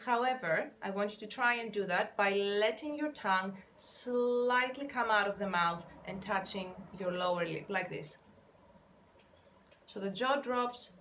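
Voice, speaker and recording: A woman vocal coach gently guiding listeners through a warm-up, counting and demonstrating each exercise in an encouraging way. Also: mid-range voice, unhurried, a little hiss or hum. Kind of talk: guided vocal warm-up instruction. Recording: faint piano underneath.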